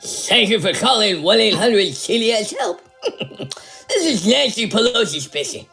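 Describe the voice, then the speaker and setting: A woman voicing a mock-calm, mocking hotline operator in a parody ad skit, giggly and sing-song. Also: medium pitch, a little slow, gravelly, soft background music, heavily acted. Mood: mock-sweet.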